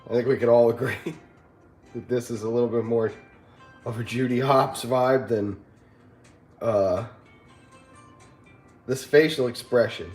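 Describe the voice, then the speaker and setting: A man's voice: mid-range voice, steady tone, a little slow, long pauses, a little mellow. A man hosting a casual livestream, chatting with his viewers and telling a story with frequent laughs. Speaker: livestream host. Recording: roomy echo with faint music.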